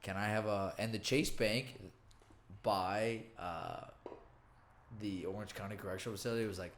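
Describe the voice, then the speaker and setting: A man's voice: on the low side, normal speed, a little hiss or hum. A man hosting a casual podcast, telling a story full of swearing and quoted lines. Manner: swearing storyteller, quoting others. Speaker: podcast host.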